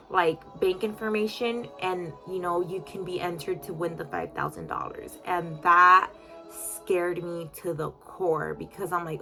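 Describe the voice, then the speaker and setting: A chatty woman tells a storytime vlog to her followers, full of "like" and fillers and openly emotional. Her voice sits low for a woman yet sounds sharp and bright. Faint music plays behind her. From United States. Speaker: boutique owner telling a story to followers.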